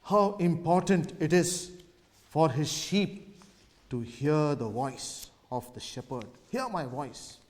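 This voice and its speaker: A man's voice: a little high, animated, slow pace, a little mellow. A man preaching a sermon in a gospel hall, with emphatic, repetitive phrasing that builds and falls back. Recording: long reverb of a gospel hall.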